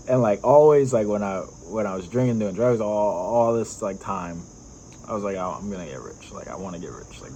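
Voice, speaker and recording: Young guy rambling thru his story, lotsa likes, low-ish voice, faint crickets in back. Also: a little mellow, a little hiss or hum, low-quality recording. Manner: rambling, filler-heavy, laughs often. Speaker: vlogger. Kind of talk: casual personal storytelling.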